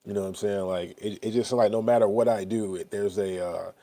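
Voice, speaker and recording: A man's voice: fairly low pitch, steady tone, fairly quick, dark tone. A man in his thirties talking candidly to his viewers, rambling and blunt, swearing and often asking "you know what I'm saying.". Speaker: vlogger. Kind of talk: casual talk to camera.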